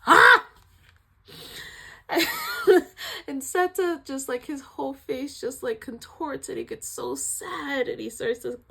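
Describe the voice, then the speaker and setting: A woman giving a casual video review of a film. She retells scenes in an animated, emotional way, sighing often. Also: high voice, normal speed, vocal fry, few pauses.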